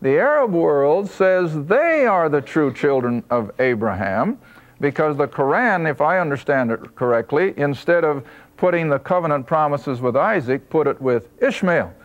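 A man teaching a Bible study lesson, emphatic and slowing down to stress key points. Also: fairly high pitch, very animated, highs cut off.

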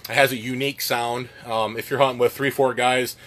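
A man teaches goose calling in a casual, folksy way, using lots of filler words and plain speech. His voice sits at medium pitch, level in tone, a bit bright, and he moves briskly.

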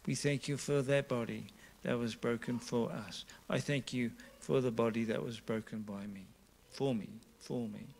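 Pastor guy leading church communion, bit of fry in his voice, mid pitch, slow prayerful repeats. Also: steady tone, darkish tone. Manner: slow, repetitive prayerful phrasing.

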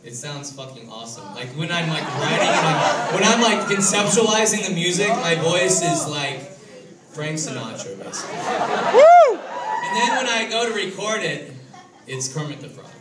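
A man's voice: fairly high pitch, wildly swooping pitch, normal speed, very noisy. Nasal, self-mocking man on a live stage. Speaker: singer-songwriter performing live. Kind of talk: onstage banter between songs. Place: live music club stage. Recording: roomy, distant, loud band and crowd.

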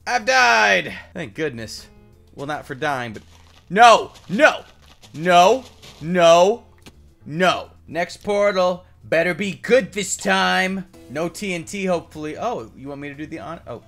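Woman gamer, sarcastic and exasperated, lively swooping delivery, faint music behind. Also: lowish voice, moderate pace, gravelly. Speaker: Minecraft gameplay commentator. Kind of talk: scripted gameplay commentary with a partner.

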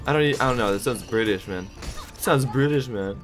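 Young guy hyping up his own game, jokey trash talk, quiet music under it. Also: medium pitch, a little fast. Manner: hyped, joking trash talk, laughs a lot. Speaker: gaming YouTuber. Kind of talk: casual gameplay commentary.

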